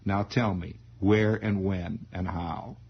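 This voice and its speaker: A man voicing a stern father who coaxes slowly and patiently, on a lo-fi 1960s radio broadcast. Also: fairly even intonation, creaky, breathy edge, full character voice. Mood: coaxing. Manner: low, slow, patient coaxing.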